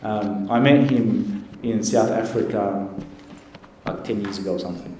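A man, a priest, giving an earnest, gentle sermon with pauses. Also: on the low side, steady tone. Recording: echoey church with faint noise.

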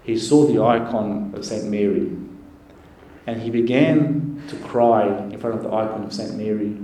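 Low, mellow priest preaching in a church. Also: male voice, measured pace. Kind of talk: sermon. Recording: echoey church with faint noise.

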